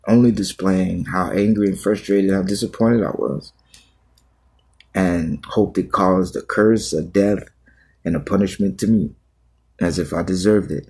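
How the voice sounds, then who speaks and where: A man with a very low, husky voice speaks as a pastor to his livestream viewers. His talk is a raw, halting confession that circles back on itself with repeated phrases. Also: darkish tone.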